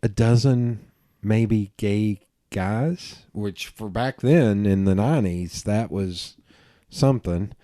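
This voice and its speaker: A man hosting a podcast, telling stories in a casual, animated way, swearing freely and laughing at himself. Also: fairly low pitch, slow pace, dry recording, studio quality. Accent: regional accent he remarks on himself. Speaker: podcast host. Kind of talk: casual conversation.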